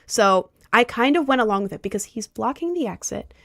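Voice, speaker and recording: Gravelly young woman telling a story. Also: fairly high pitch, expressive, brisk, no echo, studio quality. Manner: rambling, lots of "like" fillers. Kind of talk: casual storytime.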